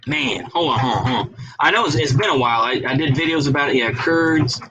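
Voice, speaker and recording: A man's voice: a little high, animated, a little fast, bright, forceful tone, highs cut off, a little hiss or hum. A man video blogger in a casual, profane and heated rant, who stops to read articles aloud.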